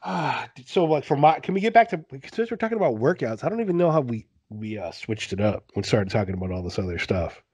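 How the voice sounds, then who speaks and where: A man in his thirties tells stories on a podcast in a loose, rambling way. His husky voice sits a bit high and leaps around in pitch. The sound is dry and close. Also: fast, hardly any pauses, no echo. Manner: rambling, animated storytelling full of "like". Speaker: podcast guest. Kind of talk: casual podcast chat.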